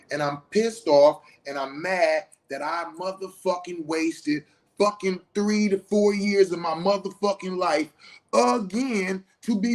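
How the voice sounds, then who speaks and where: A middle-aged man with a notably high voice pours out a raw confessional monologue. He talks bluntly and swears often. He swings between loud outbursts and low, muttered asides. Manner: profane, heated and blunt. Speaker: host.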